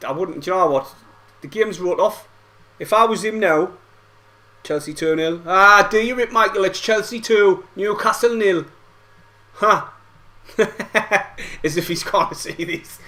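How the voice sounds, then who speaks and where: A man's voice: a little high, a bit bright. A young man reacting to a football match live, frustrated and swearing, full of banter. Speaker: football fan streamer. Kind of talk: live match watch-along commentary.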